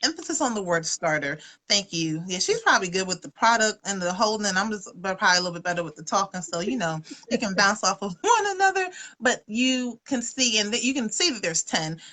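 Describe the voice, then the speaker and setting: A woman's voice: medium pitch, lively intonation, a little fast, pushed and bright. A woman giving a casual, folksy livestream presentation on her webcam, chatty and full of fillers. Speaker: wellness presenter.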